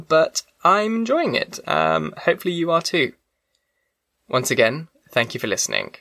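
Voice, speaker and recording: A man narrating a classic novel as an audiobook, in a measured literary reading, then speaking more casually as he signs off. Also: medium pitch, a bit bright, no room sound, studio quality.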